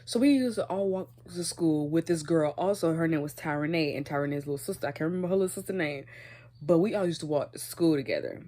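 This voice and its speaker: Lowish-voiced young woman telling a story. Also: fast. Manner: chatty, animated, laughs through the story. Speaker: vlogger. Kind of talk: casual storytime.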